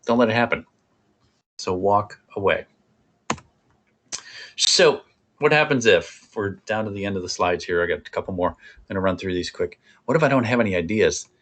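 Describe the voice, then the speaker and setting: A man presenting a parenting workshop in a conversational, animated coaching way. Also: lowish voice, moderate pace, pauses often.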